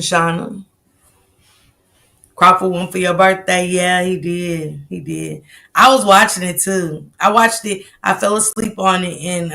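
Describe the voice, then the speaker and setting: A woman hosting a casual livestream, greeting viewers by name in relaxed, slangy banter. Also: on the low side, gravelly. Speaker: livestream host.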